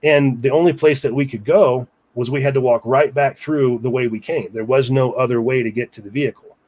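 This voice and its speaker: A man's voice: medium pitch, fairly even intonation, a little fast, darkish tone. A man recounting a personal story in a casual interview, rambling with asides to the listener. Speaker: guest storyteller.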